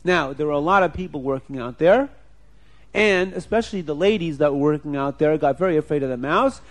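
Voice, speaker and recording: Animated male storyteller, slightly high voice. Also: fairly quick. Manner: animated, questions the listeners, acts out scenes. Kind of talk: storytelling to children with a moral lesson.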